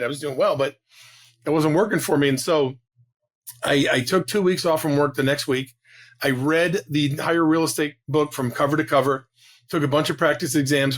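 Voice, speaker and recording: A man in his fifties talks at a quick clip as a podcast guest, his voice sitting somewhat high for a man. He rushes through his story with animated energy, often restarting his sentences. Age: 50s. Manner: rapid, animated talker with frequent restarts. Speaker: guest, real estate agent. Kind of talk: casual interview storytelling.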